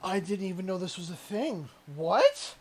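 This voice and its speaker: A young man from Canada chats through a livestream unboxing, joking and rambling as he goes. His voice sits high for a man and swings widely in pitch, jumping up when something excites him. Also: normal speed. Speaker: streamer. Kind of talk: casual livestream chat while unboxing.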